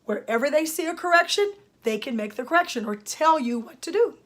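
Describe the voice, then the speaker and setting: A woman's voice: high voice, animated, fairly quick, a bit bright. An older woman, a speech-language pathologist, gives an emphatic grammar lesson and speaks straight to parents and students. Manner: emphatic, teacherly, addresses parents and students directly. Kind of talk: instructional lesson talk.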